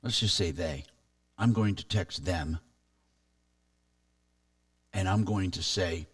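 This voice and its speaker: Animated talk radio host, man. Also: sits low, slow pace, pauses often, dry recording, distant mic. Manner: animated, chatty, reads listener texts aloud. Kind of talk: casual talk radio chat.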